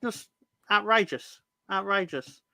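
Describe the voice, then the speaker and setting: Man, football fan podcast host, sarcastic banter, swears a lot, higher voice, dry close sound. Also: takes it slowly, creaky, pushed and bright, no room sound. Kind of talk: casual football fan chat.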